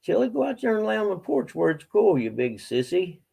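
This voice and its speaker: Gravelly folksy man, a bit winded. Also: high voice, very animated, a little fast, mellow, low-quality recording. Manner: folksy, talks to his pets and chat viewers. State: out of breath. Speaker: livestreamer. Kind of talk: casual livestream chat.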